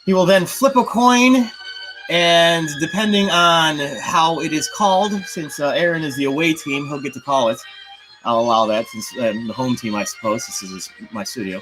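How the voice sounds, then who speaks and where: A man hosting a casual debate show, lively and jokey, often talking over the others. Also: a little high, moderate pace, over music, poor audio. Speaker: host.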